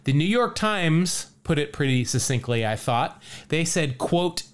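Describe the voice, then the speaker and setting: A man hosting a podcast, telling a story in casual chat, animated and laughing often as he reads out quotes. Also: on the high side, unhurried, hardly any pauses. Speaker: podcast host.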